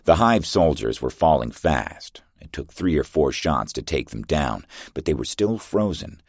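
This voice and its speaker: A man narrating a first-person science fiction audiobook in a steady, terse way. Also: extremely low pitch, unhurried, husky, dry recording, clean studio sound.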